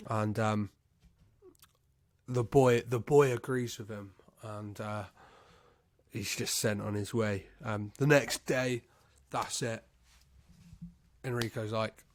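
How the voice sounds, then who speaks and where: A male podcast host casually and haltingly recaps a film's plot, swearing and acting out the characters' lines. His mid-range voice stays steady, with no echo.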